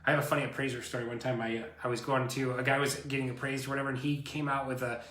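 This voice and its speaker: Bright-voiced man chatting in an echoey room. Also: mid-range voice, very fast, slight background noise. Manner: animated, rambling storyteller. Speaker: co-host, realtor. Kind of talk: casual chat.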